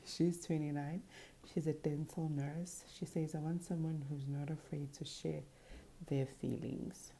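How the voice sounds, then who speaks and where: A woman with a low, gravelly voice talks through a show's cast in a casual, chatty way. Her tone is mellow and unhurried, and she drops in quick sassy asides as she goes. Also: fairly even intonation, a little hiss or hum. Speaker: reality show commentator. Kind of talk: casual show recap to camera.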